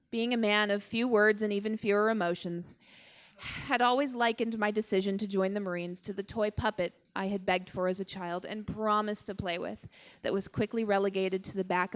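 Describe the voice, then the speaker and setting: A young woman performing a personal story on stage at a live show, with a wry, deadpan delivery and dramatic pauses. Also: medium pitch.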